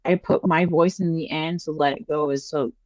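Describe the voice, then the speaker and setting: A woman guest on a podcast, casually telling paranormal stories in a chatty, animated way full of fillers. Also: low-pitched, moderate pace, no echo. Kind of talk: casual storytelling interview.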